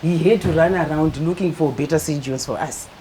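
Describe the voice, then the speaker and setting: Middle-aged woman, deep mellow voice, calm storyteller, faint hiss behind. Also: a little fast, rough recording. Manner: calm, matter-of-fact, acts out quoted dialogue. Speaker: guest sharing her story. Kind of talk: personal storytelling interview.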